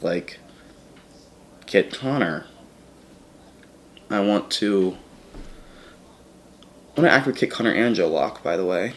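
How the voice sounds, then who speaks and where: A man with a lowish voice talks to the camera in a casual, reflective vlog, with slight noise in the background. He rambles earnestly, correcting himself along the way.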